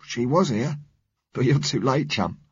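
Man playing a dying workman, coarse and slangy, weak, strained higher voice, husky. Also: expressive, a little slow, no room sound. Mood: gruff. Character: dying rough-spoken London working man. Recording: dull, muffled recording.

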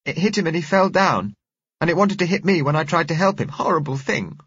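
A man's voice: a little high, lively intonation, a little fast, fairly bright tone, breathy edge, no echo, dull audio, pitched above the performer's own voice, heavily acted. A man voicing a frightened little girl of about nine who pleads urgently and tearfully. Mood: urgent pleading.

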